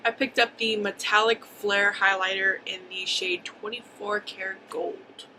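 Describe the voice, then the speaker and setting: A woman's voice: medium pitch, steady tone, unhurried, background noise. A woman in her twenties talking casually through a makeup tutorial, chatty and a little hyper, rambling with ums and likes. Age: 20s. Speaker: beauty vlogger.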